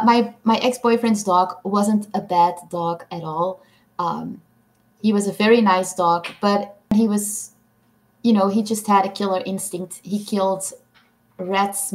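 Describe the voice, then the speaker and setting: A woman's voice: mid-range voice, a bit bright. A woman hosting a casual livestream, reading viewers' comments aloud and answering them with frequent ums and little laughs. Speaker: livestream host.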